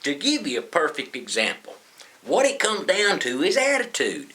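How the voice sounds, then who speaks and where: A man's voice: fairly high pitch, huge pitch swings, moderate pace, music in the background. A man telling a folksy story to the camera, chuckling as he goes. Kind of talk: casual anecdote told to camera.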